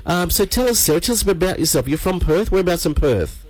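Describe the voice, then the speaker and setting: A man hosting a late-night radio show, hoarse and croaky, chatting and teasing his guest. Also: high-pitched, lively intonation, fast talker, darkish tone, no room sound, poor audio. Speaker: radio host.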